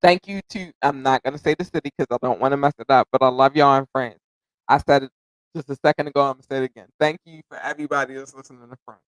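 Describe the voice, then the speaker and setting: Talking solo on his own podcast, a man from the United States gushes with gratitude, offering repeated thanks and shout-outs as he rambles, corrects himself and occasionally trips over words. His medium-pitched voice is steady and quick-paced. The recording has no room sound but is low in quality.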